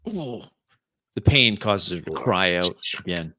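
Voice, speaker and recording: A man narrating a tabletop game as game master, describing scenes slowly and deliberately. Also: low-pitched, sharp tone, no echo, clean studio sound.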